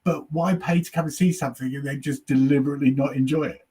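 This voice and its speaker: This time his tone stays steady, dark and husky, on the high side and quick. The comedian guest trades anecdotes in easy chat, cursing without restraint and impersonating people from his audience.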